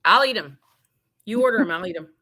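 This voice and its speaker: A woman's voice: mid-range voice, animated, fast talker, sharp tone. A woman hosting a podcast, chatting in a playful, teasing way. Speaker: podcast host. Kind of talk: casual chat.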